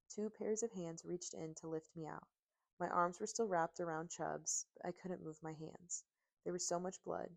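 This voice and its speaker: A woman narrating a first-person audiobook in steady, emotive storytelling on a close mic. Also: on the low side, moderate pace, vocal fry.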